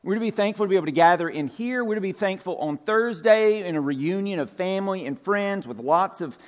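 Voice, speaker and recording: Higher-voiced man preaching casually. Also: lively intonation, brisk. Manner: casual, repeats points, many "like" fillers. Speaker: pastor. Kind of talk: conversational sermon. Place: church sanctuary.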